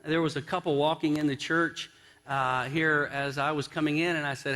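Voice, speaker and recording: A man's voice: a little high, fairly even intonation, a little fast, sharp tone. A male pastor giving a conversational sermon in a church, telling a story and acting out its quotes. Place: church sanctuary.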